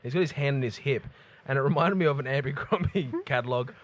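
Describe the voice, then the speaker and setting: A man co-hosting a podcast in casual chat, easygoing and quick to laugh. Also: mid-range voice. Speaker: podcast co-host.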